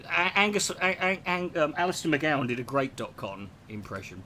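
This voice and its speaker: A man with a fairly high voice rambles through a comic monologue. He swears freely and jumps between ideas, and he keeps restarting his sentences as he gets animated. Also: brisk, a little hiss or hum. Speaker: podcast host.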